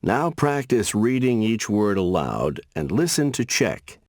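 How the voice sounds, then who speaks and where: A man announcing textbook exercises and instructions in a measured, scripted way. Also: lowish voice, sing-song, dry recording, studio quality. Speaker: audio announcer.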